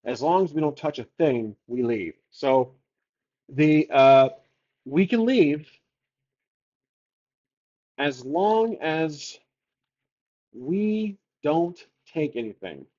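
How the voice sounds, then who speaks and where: A man's voice: fairly high pitch, lively intonation, extremely slow, pauses often, a little mellow, lo-fi sound. A man narrating his solo tabletop game, casually thinking aloud and rolling odds for each choice.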